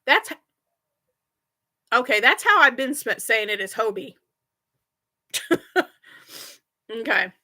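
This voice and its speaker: A woman's voice: fairly high pitch, sing-song, takes it slowly, long pauses, sharp tone. A middle-aged woman hosting a crochet livestream, chatting casually and rambling with viewers and laughing often. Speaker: crochet channel host.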